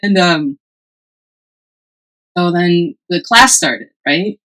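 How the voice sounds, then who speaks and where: Animated woman telling a personal story. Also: lowish voice, extremely slow, rough recording. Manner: animated, acts out quoted voices, laughs often. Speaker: podcast co-host. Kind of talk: casual storytelling chat.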